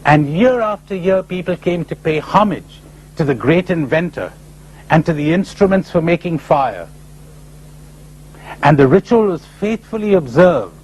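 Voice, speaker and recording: A man's voice: a little slow, slight background noise, poor audio. A man giving a spiritual lecture, telling stories and jumping into characters' voices. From India. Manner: animated storyteller, voices characters with sudden high pitch jumps.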